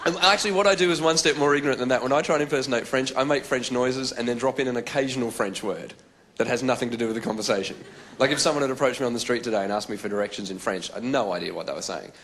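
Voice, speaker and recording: Lively Australian stand-up comedian. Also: male voice, medium pitch, racing, a little hiss or hum. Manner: lively, chatty storytelling.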